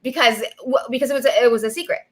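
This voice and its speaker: 30s woman telling stories on a video call, higher voice, bubbly and rambly, lots of ums. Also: very fast. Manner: animated storytelling, lots of fillers and laughter. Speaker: guest. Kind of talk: casual chat.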